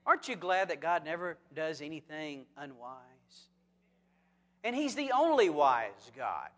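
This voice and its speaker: A pastor with a somewhat high voice delivers a sermon, firing rhetorical questions at his listeners and dropping in jokes. His voice rings out with a long hall reverb, as in a church sanctuary. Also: a little slow. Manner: lively, asks the congregation rhetorical questions; joking asides.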